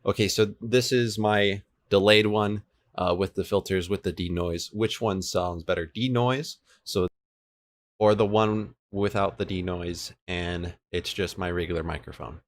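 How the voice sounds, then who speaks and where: A young man in his twenties, with a low, steady voice and a slightly slow pace, livestreams from a home room where an air conditioner runs. He's coding a game server, laid-back and chatty, answering viewers' chat while switching between two desk microphones.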